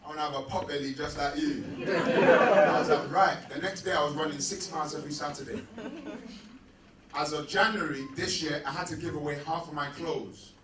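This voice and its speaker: A middle-aged man giving a rousing motivational speech and shouting calls out to the crowd. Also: on the high side, noisy background. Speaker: motivational speaker. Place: large hall with an audience. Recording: echoey hall from far off, with music and crowd.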